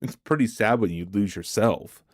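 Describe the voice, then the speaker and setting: A man's voice: on the low side, normal speed, no room sound, clean studio sound. A man hosting a livestream, chatting casually with viewers, answering their comments aloud and laughing often. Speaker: livestream host. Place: home streaming setup.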